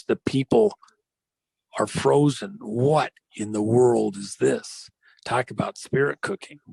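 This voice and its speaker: A man hosting a podcast, retelling an old story as a dramatic monologue with slow emphasis and frequent fillers. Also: medium pitch, dry recording. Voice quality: gravelly. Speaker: podcast host.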